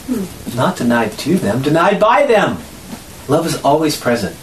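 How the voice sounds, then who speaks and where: A spiritual study group teacher giving a lesson to a group, animated, laughing often and acting out voices. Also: medium pitch, unhurried, reverberant, noisy background.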